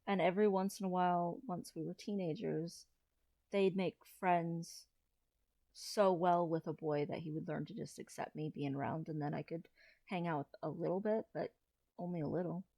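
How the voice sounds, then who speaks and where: A trans man in his thirties, talking through a personal confessional vlog in a low-key, hesitant way with frequent restarts. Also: fairly even intonation, normal speed, gravelly, mellow, no room sound. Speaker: vlogger.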